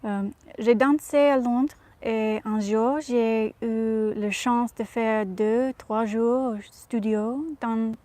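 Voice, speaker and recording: A woman impersonating a gracious 1950s film star, reading an interview answer in careful, halting French. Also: on the high side, fairly even intonation, warm tone, dry recording. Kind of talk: reading an interview aloud in character.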